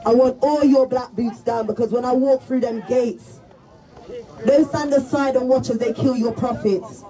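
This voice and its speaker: A woman giving a rousing rally speech, shouting and leading call-and-response chants. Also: high voice, fairly even intonation, moderate pace, soft background music, rough recording. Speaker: rally speaker. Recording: crowd noise behind the speaker. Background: crowd.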